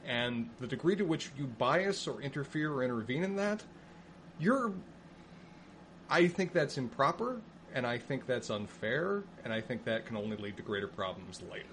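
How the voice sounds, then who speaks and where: A man co-hosting a podcast, giving wry, measured opinions while recapping a TV episode. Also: mid-range voice, lively intonation, fairly bright tone, slight background noise. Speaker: podcast co-host. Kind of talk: casual chat recapping a TV episode.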